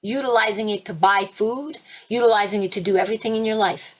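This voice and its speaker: A woman spiritual teacher hosting a webinar, talking emphatically and fervently, with sudden leaps in pitch and loudness. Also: a little fast. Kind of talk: impassioned preaching webinar talk. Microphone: computer mic for a webinar.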